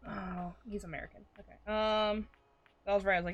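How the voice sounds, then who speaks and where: A woman streaming a game live, reacting excitably with swearing, shouts and laughs. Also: medium pitch, normal speed, highs cut off.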